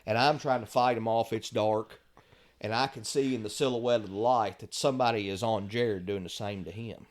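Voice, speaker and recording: A middle-aged man, telling lively stories as a podcast guest and chuckling at the punchlines. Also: fairly low pitch, moderate pace. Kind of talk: casual storytelling.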